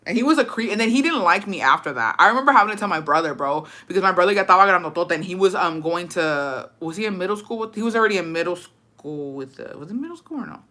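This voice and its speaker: Woman in her 30s on a live, swearing a lot, bright voice, blunt slangy storytelling. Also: on the low side, lively intonation, rapid-fire. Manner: profane, blunt, slangy, switches into Spanish words. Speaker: livestreamer. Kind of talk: casual storytelling on a livestream, reading comments.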